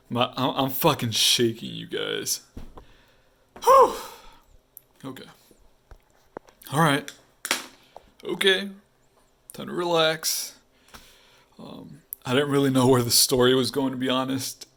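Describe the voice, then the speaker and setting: A man chatting in a casual vlog, excitable and quick to restart his sentences, with some swearing. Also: medium pitch, creaky. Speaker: comic artist vlogger. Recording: faint guitar music behind.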